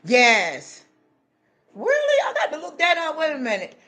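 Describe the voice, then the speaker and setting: High bright lady preaching on a livestream, folksy and animated, lots of honey and y'all. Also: normal speed. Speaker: livestream host. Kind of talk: preachy casual livestream talk.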